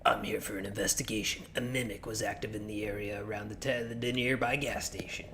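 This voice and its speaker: A man doing a gruff cop voice. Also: lowish voice, steady tone, fairly bright tone, a little hiss or hum. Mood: stern. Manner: gruff, deliberate questioning. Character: gruff male cop hunting monsters.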